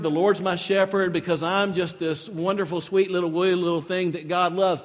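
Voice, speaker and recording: A man preaching a sermon as pastor, conversational and rising into emphatic lists. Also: sits high. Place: church sanctuary. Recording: long reverb of a large hall.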